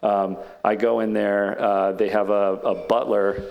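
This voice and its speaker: A man's voice: fairly low pitch, level tone, unhurried, gravelly, highs cut off. Chatty man telling a story. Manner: chatty, many "like" fillers, acts out others' lines. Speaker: panelist. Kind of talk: casual storytelling on a panel.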